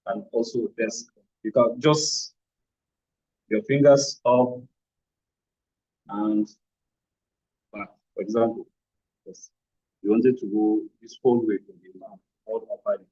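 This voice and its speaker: A man's voice: on the low side, steady tone, unhurried, long pauses, a little mellow, slightly rough. Man giving short physio commands. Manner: short commands mixed with explanations. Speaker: physiotherapy instructor. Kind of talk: hands-on demonstration with verbal cues. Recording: dull, lo-fi sound.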